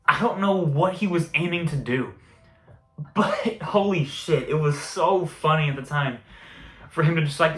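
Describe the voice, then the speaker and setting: A man's voice: a little high, a bit bright. Rambling young man telling stories in an echoey room. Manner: rambling, profane, laughs at own stories. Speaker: vlogger. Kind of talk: casual storytelling. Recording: echoey room with faint music.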